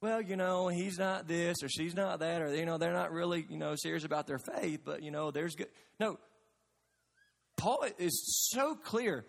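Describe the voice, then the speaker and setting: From the pulpit, a pastor delivers a sermon in a high, ringing, gravelly voice at a moderate pace. Earnest and emphatic, he presses his congregation with questions, and a long reverb carries his words through the large church sanctuary.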